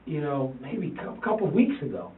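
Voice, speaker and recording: A man, a father in a police interview, talking haltingly, repeating himself and quoting his sons. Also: on the high side, huge pitch swings, a little hiss or hum. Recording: tinny, roomy, distant interview-room recording.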